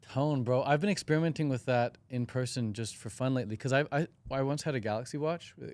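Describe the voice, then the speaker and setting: A man's voice: mid-range voice, quick pace, a little mellow, no room sound. A young man hosting a casual podcast chat, curious and breezy, full of slang and acted-out example lines. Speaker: podcast host.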